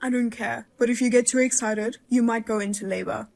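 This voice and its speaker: A woman's voice: a little high, steady tone, fairly quick, vocal fry, a little mellow. A woman voicing a blunt, outraged mother-in-law who jokes darkly and talks sharply. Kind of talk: dramatized story voice-over.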